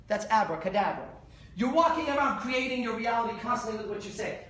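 A man speaking at a conference, animated and profane, acting out little scenes for the crowd. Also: sits high, brisk, a little hiss or hum. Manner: profane, animated, acts out voices. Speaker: seminar speaker. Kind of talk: conference talk. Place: large conference hall. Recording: echoey hall from far off.

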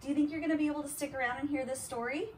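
A mother in her thirties playfully reading a silly picture book aloud to her child at home, with animated delivery. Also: high voice, racing, recorded from a distance. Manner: animated, silly voices, laughing while reading. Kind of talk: playful read-aloud storytelling.

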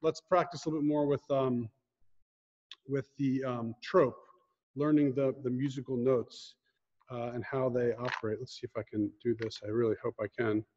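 A man's voice: medium pitch, steady tone, darkish tone. A man teaching Hebrew prayers in an online lesson, patiently explaining how the words are said and chanting the prayer lines. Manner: patient, explains pronunciation slowly. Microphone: screen-sharing video call. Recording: dull lo-fi audio with long reverb.

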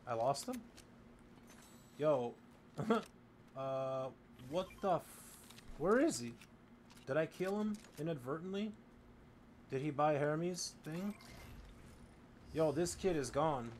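A man's voice: fairly high pitch, lively intonation, slow pace, long pauses, darkish tone. A man streaming a video game, chatting loosely with his viewers and swearing freely as he plays, in a room with faint background noise. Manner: rambling, profane, talking to chat while playing. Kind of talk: casual live-stream chat.

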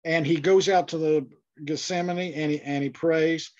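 A man's voice: fairly high pitch, steady tone, moderate pace, a little mellow, highs cut off. A man teaching an online Bible class, speaking thoughtfully with frequent fillers and restarts.

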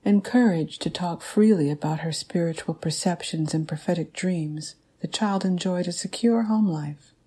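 A woman narrating an audiobook in a measured, even reading manner. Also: on the low side, slightly rough.

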